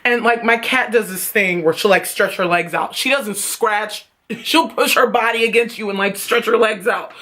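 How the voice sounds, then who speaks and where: Animated, profane woman vlogger. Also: medium pitch, normal speed. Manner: animated, profane, laughing storyteller. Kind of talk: casual storytime.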